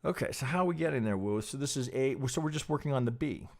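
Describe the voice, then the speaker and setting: Profane, animated man talking trading charts. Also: mid-range voice. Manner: profane, animated, mimics clueless traders in quick asides. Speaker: trading stream host. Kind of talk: casual live chart commentary.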